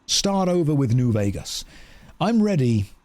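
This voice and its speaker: A man's voice: mid-range voice, a little slow, no room sound. A man streaming a video game, ranting and chatting animatedly as he plays. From England. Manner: animated, ranting, acts out both sides of chats. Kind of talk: casual gameplay commentary.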